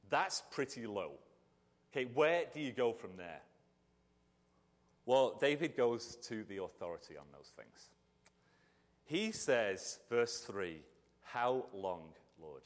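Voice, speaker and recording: A man's voice: mid-range voice, normal speed, big-room sound. A middle-aged man, a pastor, giving a casual, conversational sermon with restarts and asides. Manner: animated, chatty, with restarts and asides.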